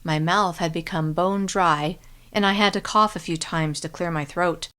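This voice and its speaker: A woman reading a novel aloud in first-person narration with a steady, clear delivery. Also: on the low side, moderate pace. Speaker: audiobook narrator.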